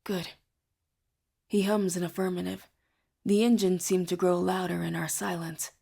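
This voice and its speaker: A woman reading a first-person novel aloud in a soft, hushed way, often near a whisper. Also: on the low side, level tone, normal speed, creaky. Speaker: audiobook reader. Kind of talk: first-person audiobook narration.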